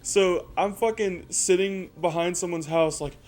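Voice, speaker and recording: A man's voice: sits high, steady tone, measured pace, darkish tone, soft background music. A man in his twenties telling a casual, profane story with lots of energy. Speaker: storyteller host.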